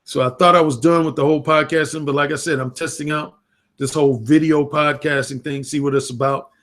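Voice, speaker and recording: A man with a somewhat raised pitch talks straight into a webcam on a livestream. His manner is casual and unfiltered. He drops profanity freely as he speaks. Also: steady tone, fairly quick, a bit bright. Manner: frank, unfiltered, profane talk. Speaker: dating coach and author.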